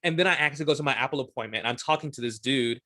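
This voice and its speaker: A man from Houston, Texas chats as an interview guest, his voice bright and forward. He tells stories loosely, full of fillers and quick restarts. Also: medium pitch. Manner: chatty storyteller, many fillers and restarts. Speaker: guest, stage performer. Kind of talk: casual interview chat.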